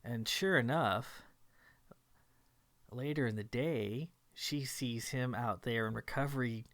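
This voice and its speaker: A man's voice: medium pitch, takes it slowly, fairly bright tone. A man giving casual film commentary, retelling a plot with wry jokes.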